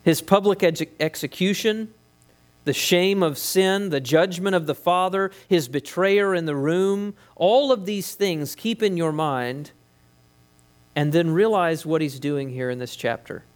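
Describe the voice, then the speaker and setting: A man with a slightly high-pitched voice delivers a sermon as pastor. He preaches emphatically, dropping in quick conversational asides to his listeners. He speaks into a headset mic.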